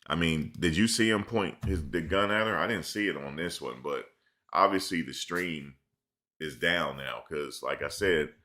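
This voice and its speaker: Deep-voiced, bright-toned man streaming casually. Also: moderate pace. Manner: loose, rambling storytelling with slang, reads chat questions aloud. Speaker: live-stream commentator. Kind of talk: casual live-stream chat. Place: at home in front of a camera.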